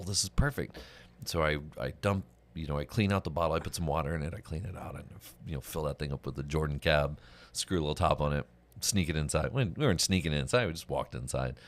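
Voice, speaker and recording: Male morning host, very deep voice, easygoing rambling storyteller. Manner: rambling storyteller with restarts and laughs. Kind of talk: casual chat.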